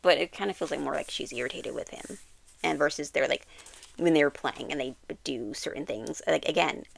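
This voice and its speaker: A woman giving a casual, rambling recap of a TV series, full of "like" fillers and quick self-corrections. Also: sits low, gravelly, a little hiss or hum. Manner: quotes characters with animated bursts and laughs. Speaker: YouTuber reviewing a TV series. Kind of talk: casual episode recap and commentary.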